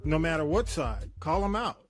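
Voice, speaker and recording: Lockerer Podcast-Moderator mit höherer Stimme. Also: male voice, on the high side, big pitch swings, moderate pace, faint music behind. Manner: laid-back, talkative, frequent "man" and "you know". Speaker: podcast host. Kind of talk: casual chat.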